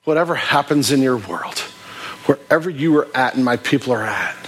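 A man's voice: mid-range voice, expressive, a little fast, a bit bright, a little hiss or hum. A man preaching a sermon in a conversational way, often restarting his phrases. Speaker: pastor.

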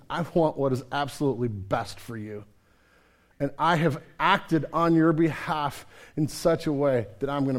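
A man preaching a sermon as a pastor, dropping to a hush and then building to loud, emphatic questions for his congregation. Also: on the high side.

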